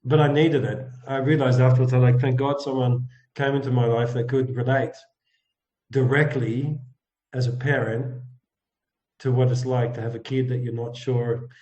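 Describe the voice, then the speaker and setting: A man's voice: medium pitch, level tone. Earnest man telling a story over a roomy, dull line. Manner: earnest, halting, often drops to a soft, hushed tone. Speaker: guest, empathy coach. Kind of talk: reflective personal storytelling.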